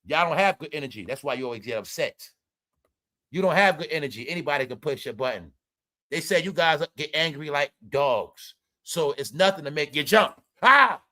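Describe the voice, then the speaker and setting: A man giving a profane, scolding rant straight at his viewers, swinging between loud outbursts and low muttering. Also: animated, brisk. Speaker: celebrity gossip commentator. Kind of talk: ranting commentary to viewers.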